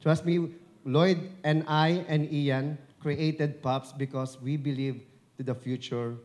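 A Filipino dubbing director and broadcaster from the Philippines gives a chatty, encouraging live speech at an event venue, joking with the audience through a handheld mic held at his chin. His voice is on the high side and a little mellow, with fairly even intonation and a slow pace, carrying a Filipino accent.

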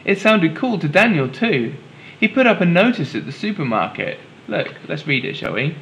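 A man's voice: a little high, big pitch swings, normal speed, a bit bright, slight background noise, rough recording. A man, a teacher, reading a children's storybook aloud and patiently explaining it to young listeners.

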